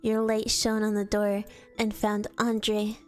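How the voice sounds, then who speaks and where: A woman with a medium-pitched, darkish voice reads slowly in a completely flat delivery. A streamer, she reads a fan story aloud in a storytelling voice, now and then stumbling and restarting words with casual slips.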